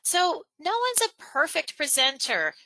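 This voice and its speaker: A woman presenting a live webinar on speaking skills, animated and chatty, acting out examples. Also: measured pace, no echo, poor audio. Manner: animated, acts out examples in a higher voice, laughs between points. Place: online webinar, home or office.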